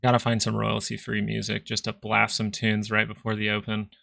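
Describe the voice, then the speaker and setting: A man's voice: on the low side, monotone, brisk, creaky, bright, forceful tone, no echo. A young man hosting a stock market livestream, chatting casually and loosely while out of breath. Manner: loose, rambling, slangy.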